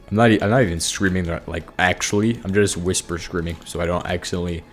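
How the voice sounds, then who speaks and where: Young dude rambling while he games, lowish voice, some music playing behind. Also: fast, few pauses. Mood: frustrated yelling. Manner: rambling, bursts into high-pitched angry yelling. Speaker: gaming streamer. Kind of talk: casual gameplay chat.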